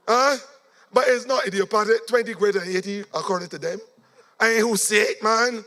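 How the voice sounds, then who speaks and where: A Barbadian man giving a fiery, sing-song political rally speech, his voice going hoarse. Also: high voice, a little fast, sharp tone. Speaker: political speaker.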